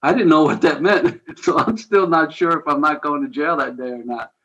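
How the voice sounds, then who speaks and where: A man's voice: fairly high pitch, moderate pace, rough recording. Earnest man telling his story. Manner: earnest, conversational, animated retelling with chuckles. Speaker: guest, ministry founder. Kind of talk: personal storytelling in a podcast interview.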